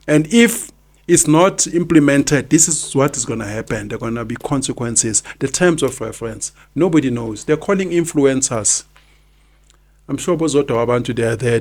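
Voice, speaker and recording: In his fifties and from South Africa, this podcast host speaks in a mid-range voice. He delivers opinionated commentary and hammers his points by saying them again.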